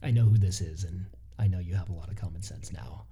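A man's voice: deep voice, fast, mellow, breathy edge. A man co-hosting a casual podcast, retelling listener stories with incredulous animation. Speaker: podcast co-host.

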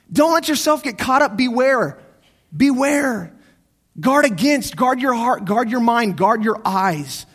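Male pastor with a high voice, preaching in church; drops to near-whispered reflection, then climbs to urgent, repeated exhortations. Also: breathy edge. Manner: swings between hushed, slow reflection and raised, urgent exhortation; repeats key phrases for emphasis. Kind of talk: sermon.

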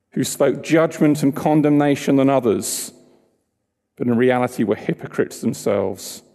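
A man's voice: mid-range voice, mellow, big-room sound. A man preaching a sermon in a church, talking conversationally and asking the congregation questions.

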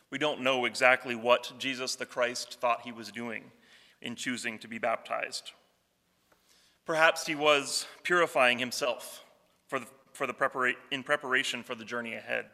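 A man with a bright, forceful tone delivers a reflective sermon at a measured pace. His voice rings out with a long reverb, as if recorded in a large hall. Quoted scripture comes slower and softer. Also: mid-range voice. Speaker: pastor.

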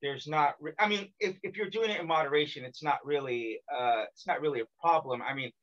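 A male podcast host chats loosely, stringing thoughts together with "like" and "uh". His voice sits a bit high for a man. The audio is dull and lo-fi, as over a call. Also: fairly quick, fairly bright tone. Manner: rambling, heavy use of "like". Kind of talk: casual chat over a call. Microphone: remote call.

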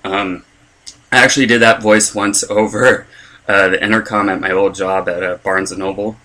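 A man's voice: fairly low pitch, fairly even intonation, moderate pace, pushed and bright. A young man, a stand-up comedian, rambling through a casual podcast monologue with lots of fillers and self-deprecating asides.

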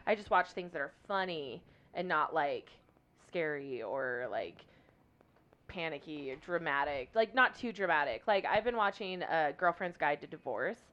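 A woman's voice: low-pitched, lively intonation, normal speed, lo-fi sound. A woman talking casually in a group podcast, chatty and blunt, swearing now and then. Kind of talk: casual chat.

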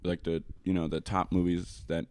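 A man's voice: low voice, level tone, normal speed, darkish tone, clear, resonant tone, dry recording. A young man telling crude, rambling stories in casual chat, swearing and laughing often.

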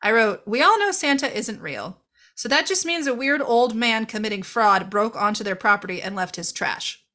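Her voice runs on the high side, sharp and animated, at a moderate pace. Reviewing a movie as a podcast co-host, she chats casually, laughing, cursing, and playing out the characters.

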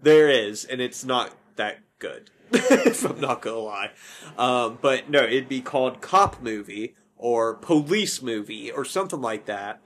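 A man's voice: mid-range voice, animated, a little slow, fairly bright tone. A man hosting a podcast in casual chat, rambling, correcting himself and laughing often. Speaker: podcast host.

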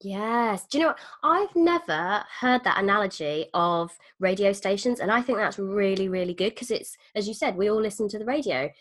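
A woman's voice: medium pitch, expressive, normal speed, hardly any pauses. A woman hosting a podcast, chatting with enthusiasm and now and then acting out quoted voices. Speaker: podcast host. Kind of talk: casual podcast conversation.

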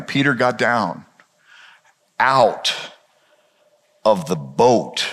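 A man's voice: mid-range voice, fairly bright tone. A male pastor preaching a sermon with dramatic storytelling and rhetorical questions. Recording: reverberant hall.

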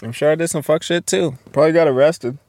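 A man's voice: a little high, fast, dry recording. A young man in his twenties hosting a solo podcast, reading posts aloud and reacting bluntly with lots of profanity. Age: 20s. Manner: profane, blunt, reacts loudly to what he reads. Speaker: podcast host.

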